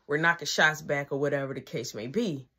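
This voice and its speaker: A woman's voice: low voice, brisk. A woman telling a personal story in a casual, slangy way, acting out the dialogue as she goes. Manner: slangy, animated retelling with quoted dialogue.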